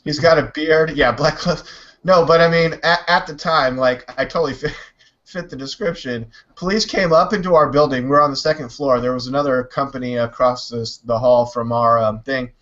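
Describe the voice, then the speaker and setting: A man hosting a casual online talk show, telling stories with a loose, animated delivery and swearing freely. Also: mid-range voice, normal speed, muffled recording. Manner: animated storyteller, swears, mimics others. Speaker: podcast host. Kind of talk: casual chat.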